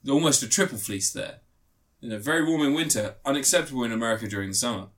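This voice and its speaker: A man's voice: mid-range voice, quick pace, fairly bright tone. A man giving a rambling, crude, joke-filled film review, swearing often. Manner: rambling, crude, swears a lot, jokey asides. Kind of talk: casual comedic film review.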